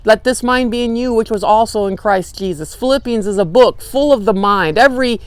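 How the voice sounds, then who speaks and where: A woman teaching a Bible study, lively and conversational, acting out quotes with emphatic bursts. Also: fairly high pitch, a little fast, no room sound. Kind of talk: lecture. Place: church meeting room.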